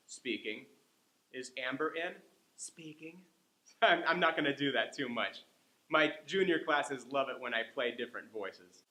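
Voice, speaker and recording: Bright-voiced man teaching English lessons. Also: medium pitch, reverberant, low-quality recording. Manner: explaining patiently, acting out sample phone lines.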